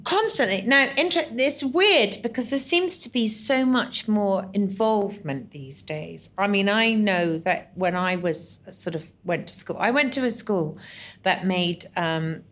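A woman from Scotland in casual chat, telling stories in a lively, self-mocking way. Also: mid-range voice, unhurried. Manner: chatty, self-mocking, lively storytelling with put-on voices.

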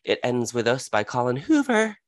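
A man co-hosting a podcast in casual, excitable chat and swearing freely. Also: mid-range voice, moderate pace, no room sound. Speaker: podcast co-host.

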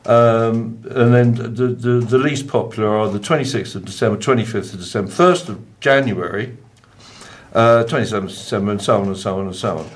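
A man's voice: lowish voice, a little fast. A man hosting a casual talk show, reading out figures with plenty of fillers. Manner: chatty, reads out figures with fillers. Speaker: host. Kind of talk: casual radio chat.

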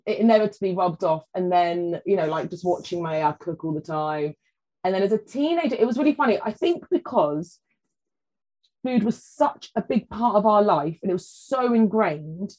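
A woman, a food writer chatting on a podcast and telling family stories in a lively way. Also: medium pitch, low-quality recording. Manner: chatty storyteller, animated quoting. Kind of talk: casual chat.

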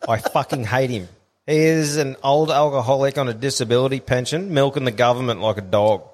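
A man's voice: mid-range voice, fairly quick, darkish tone, big-room sound. A young man co-hosting a podcast, telling a crude story with lots of swearing and laughter. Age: young adult. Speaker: podcast co-host. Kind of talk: casual podcast banter.

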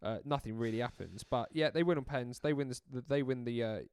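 A young man co-hosting a casual football podcast, animated and swearing freely. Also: mid-range voice, fast talker, clear, resonant tone. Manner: animated, swearing, lively banter. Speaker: podcast co-host.

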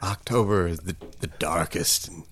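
A man telling an improvised comic story in a mock-spooky, deadpan way, as host. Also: low-pitched, normal speed, a little hiss or hum.

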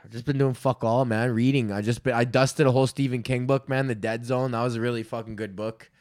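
A man's voice: medium pitch, fairly even intonation, brisk, a little mellow, dry recording, clean studio sound. A man in his thirties hosting a solo podcast, ranting loosely with lots of swearing and filler words. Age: 30s. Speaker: podcast host.

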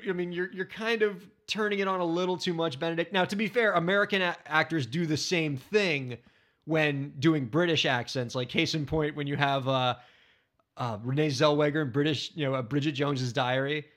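A man co-hosting a podcast, talking casually with dry, wry humor. His voice sits a little high, and he talks in an easy, conversational way. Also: brisk, fairly bright tone. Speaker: podcast co-host. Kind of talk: casual chat.

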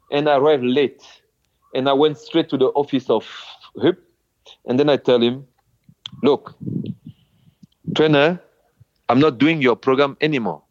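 A man's voice: fairly high pitch, darkish tone. Man in a dull lo-fi recording. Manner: halting non-native English, vivid retelling. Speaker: former footballer telling his story. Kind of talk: recounting memories in an interview. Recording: dull lo-fi sound.

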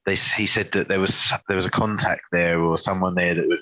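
A man's voice: low voice, steady tone, a little fast, bright, forceful tone, poor audio. A man co-hosting a podcast in casual chat, talking enthusiastically and often restarting his sentences. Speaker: podcast co-host.

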